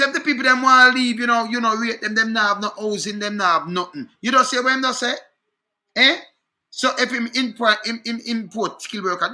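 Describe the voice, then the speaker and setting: A Jamaican man with a high voice and a very bright, sharp tone rants about politics. He is indignant and talks to his listeners directly, checking in with them again and again. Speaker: online commentator. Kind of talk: animated political rant.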